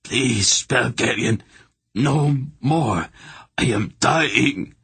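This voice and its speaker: A man's voice: medium pitch, extremely slow, gravelly, a bit bright, husky, no room sound, pitched above the performer's own voice, full character voice. A man voicing a terrified bald old male hierarch who wails, begs and stammers. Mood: begging. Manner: wailing, begging, stammering.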